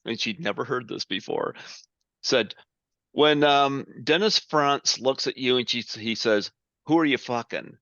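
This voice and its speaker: Man, podcast host, rambling excitable storyteller, bright tense tone, dull lo-fi sound. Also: mid-range voice, unhurried, dry recording. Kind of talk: casual interview chat.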